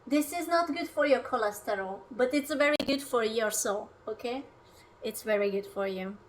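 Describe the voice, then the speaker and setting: A woman's voice: fairly high pitch, moderate pace. A young woman from Hungary, chatting casually on a livestream while she cooks, playful and self-mocking. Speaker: streamer.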